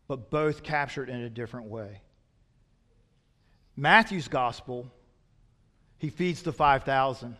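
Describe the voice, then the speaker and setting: Man, pastor, sermon, loud peaks and hushed asides, slightly high voice, long hall reverb. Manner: swings from loud emphatic peaks to quiet low asides.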